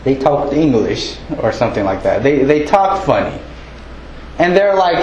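A man preaching a sermon in a relaxed, conversational way, acting out townsfolk with a raised voice. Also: mid-range voice, measured pace, roomy sound, a little hiss or hum, low-quality recording. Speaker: pastor.

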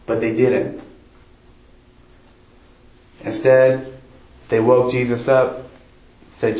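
A man's voice: medium pitch, slow pace, pauses often, a little mellow. A man preaching a sermon, talking to the congregation in a conversational way and asking them questions. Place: church. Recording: roomy church echo.

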